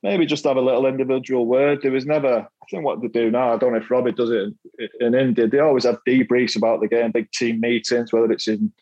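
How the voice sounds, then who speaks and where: A man's voice: medium pitch, flat delivery, quick pace, hardly any pauses, darkish tone, dull audio. Laughing Mancunian man telling stories. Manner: self-deprecating, laughs often, repeats words. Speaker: guest, former footballer. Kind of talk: casual storytelling chat.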